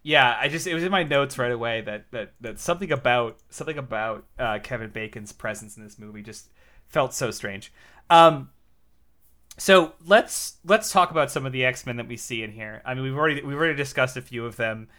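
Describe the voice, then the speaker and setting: A man co-hosting a comic book podcast in casual chat, animated and halting, with frequent restarts. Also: medium pitch. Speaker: podcast co-host.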